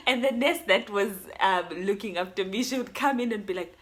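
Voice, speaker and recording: Animated South African woman telling a story. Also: fairly high pitch, normal speed, hardly any pauses, a little hiss or hum. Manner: animated, code-switching, laughing through the story. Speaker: YouTuber. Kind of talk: storytime vlog.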